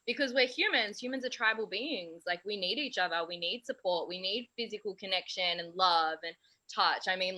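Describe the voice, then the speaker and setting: A woman's voice: mid-range voice, sharp tone, rough recording. A woman, hosting a casual chat about emotions and self-growth in an earnest, open way. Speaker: host.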